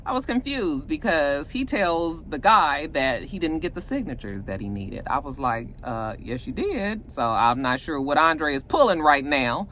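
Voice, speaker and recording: A woman from Georgia, casually recapping a TV episode and acting out the characters' lines in quick voices. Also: sits low, expressive, fairly bright tone, slight background noise. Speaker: TV recap vlogger.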